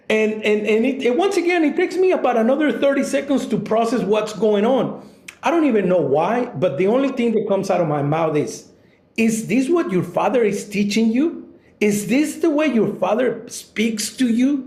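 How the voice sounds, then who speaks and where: High-voiced man telling a story in an echoey room. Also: a little mellow. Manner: conversational, halting with restarts. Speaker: guest. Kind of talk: personal storytelling.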